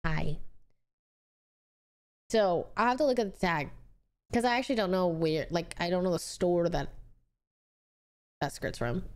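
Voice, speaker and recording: A woman's voice: on the low side, measured pace, long pauses, a little mellow, clear, resonant tone. A young woman streamer from the United States, chatting casually and rambling as she answers viewer messages.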